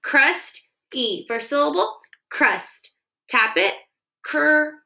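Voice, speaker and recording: A woman's voice: medium pitch, animated, unhurried, pushed and bright, poor audio. A young woman teaching children a phonics dictation lesson, sounding out words syllable by syllable into her phone.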